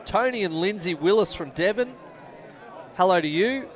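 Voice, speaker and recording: A man calls a rugby match live from the ground, his voice sitting a little high for a man. He fires off quick play-by-play calls, then drops into easygoing asides to the people watching online. A faint crowd murmurs behind him in the open air. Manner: rapid play-by-play, bursts of excitement, chatty asides to viewers. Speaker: match commentator. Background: crowd at a local rugby match.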